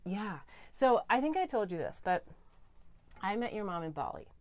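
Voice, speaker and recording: A woman hosting a talk show, telling a story to her guest with eager energy and sometimes sinking to a soft hush for heartfelt points. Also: mid-range voice, big pitch swings, normal speed, dry recording. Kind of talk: animated interview storytelling. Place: recording studio.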